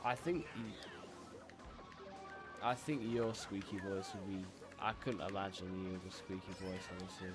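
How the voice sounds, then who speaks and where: A man's voice: deep voice, moderate pace, over music. A young man streaming and chatting casually while gaming, laid-back and rambling, often restarting his sentences.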